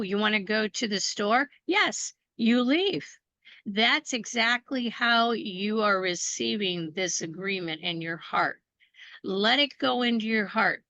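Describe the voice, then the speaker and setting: Slow, bright-voiced woman teaching scripture. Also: mid-range voice, no room sound, dull audio. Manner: slow, deliberate, encouraging. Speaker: ministry co-teacher. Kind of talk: teaching a faith course, reading a written covenant aloud.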